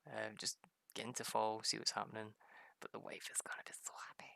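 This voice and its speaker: Guy rambling over his game, laughs a lot, gravelly. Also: lowish voice, flat delivery, a little fast, bright, forceful tone, no room sound, whispered. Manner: rambling, chatty, laughs often. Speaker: gaming video host. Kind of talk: casual gameplay commentary.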